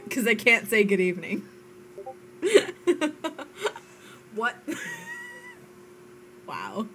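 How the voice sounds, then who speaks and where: A woman live-streams a game and chats with friends in a giggly, self-teasing way. She talks at an unhurried pace, over a faint background hiss. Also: mid-range voice, big pitch swings, a bit bright. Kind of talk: casual chat while live-streaming a game.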